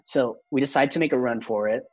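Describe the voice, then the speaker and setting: A man's voice: medium pitch, fast, dull audio. Young man rambling through a spooky story. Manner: rambling, heavy "like" fillers, frequent swearing. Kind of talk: casual storytelling.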